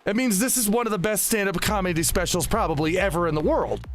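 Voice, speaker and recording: A man's voice: sits high, fast talker, faint music behind. A man hosting a casual podcast, chatty and rambling, often laughing and restarting his sentences. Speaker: podcast host.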